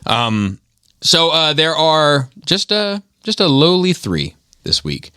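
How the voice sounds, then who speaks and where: A man hosting a podcast in casual chat, halting and restarting as he talks. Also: a little high, sing-song, pushed and bright, smooth, dry recording, clean studio sound. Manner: halting, many restarts and fillers. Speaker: podcast host.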